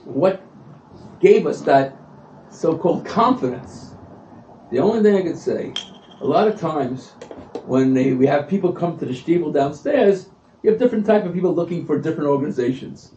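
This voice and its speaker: A man giving an animated storytelling speech at a community event, acting out the voices he quotes. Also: fairly high pitch, normal speed, slight background noise. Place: event hall. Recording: echoey room, far from mic, dull lo-fi.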